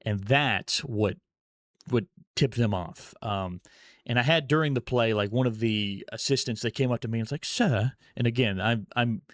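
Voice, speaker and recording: A man's voice: medium pitch, moderate pace, fairly bright tone, no room sound, studio quality. A man in casual vlog storytelling, rambling and correcting himself as he goes. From United States. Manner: rambling, self-correcting, chuckles while telling stories. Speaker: vlogger.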